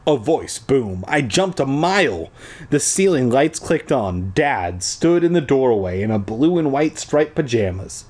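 Young male reader, comic storybook narration, very expressive pitch. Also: a little slow. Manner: animated, sarcastic asides. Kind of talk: comedic storybook reading.

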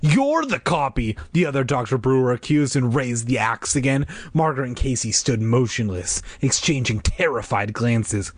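Casual amateur reader, male, husky, dry close mic, hams up a creepy kids' story. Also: mid-range voice, normal speed, few pauses, dry recording. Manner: reads aloud with exaggerated character voices and joking asides. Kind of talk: casual read-aloud of a children's horror book.

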